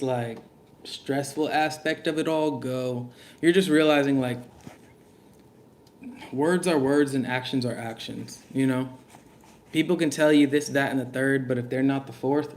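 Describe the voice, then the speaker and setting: A man's voice: mid-range voice, darkish tone, slight background noise. A man giving a casual spoken reading to camera, loose and slangy, musing aloud with fillers. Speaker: tarot reader.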